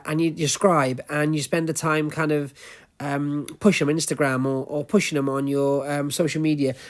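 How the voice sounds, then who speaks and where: A man with a Welsh accent, chatting casually and at length while browsing a charity shop, talking into a wearable action camera. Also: on the high side. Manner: chatty, rambling, explains at length. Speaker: luxury resale vlogger. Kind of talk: casual chat while shopping.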